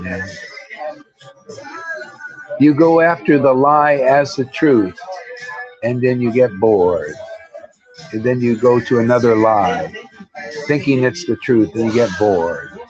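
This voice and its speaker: A man's voice: mid-range voice, muffled recording. Blunt, slangy man preaching devotion. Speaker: spiritual teacher. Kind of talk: informal devotional talk.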